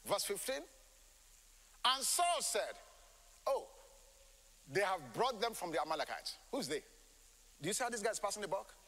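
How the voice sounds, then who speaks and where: Animated, high-voiced male preacher. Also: a little fast, long pauses, long reverb tail, low-quality recording. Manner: animated, emphatic, rhetorical questions. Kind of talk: sermon.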